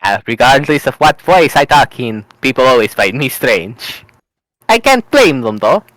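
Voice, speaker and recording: A man's voice: medium pitch, sing-song, normal speed, fairly bright tone, dry recording, low-quality recording. A man playing a tabletop role-playing game, switching between his own voice and his character in a playful, laughing, theatrical way. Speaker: tabletop player. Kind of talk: casual in-character tabletop play.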